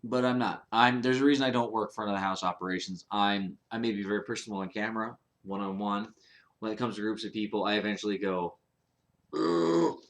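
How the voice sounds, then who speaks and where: A man's voice: lowish voice, steady tone, fast, fairly bright tone. Rambling, foul-mouthed man vlogging. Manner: rambling, profane, with frequent restarts. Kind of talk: casual monologue to camera.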